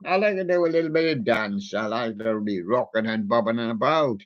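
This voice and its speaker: A man's voice: mid-range voice, expressive, a little fast, lo-fi sound, lightly acted. A man voicing a cheerful toy bird who loves to dance, in a bouncy, eager voice. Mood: chirpy.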